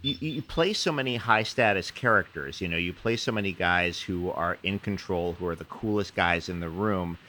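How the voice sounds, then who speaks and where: A man's voice: low-pitched, moderate pace, few pauses, pushed and bright, a little hiss or hum. A man interviewing a guest, mostly agreeing briefly and adding reflective comments. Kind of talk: casual interview.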